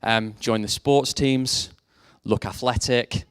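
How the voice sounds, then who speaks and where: A man's voice: mid-range voice, steady tone, slow, clear, resonant tone, dry recording, studio quality. A young man preaching a sermon, mixing faith talk with self-deprecating jokes about his past. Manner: jokey, self-deprecating storytelling. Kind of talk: sermon with personal stories.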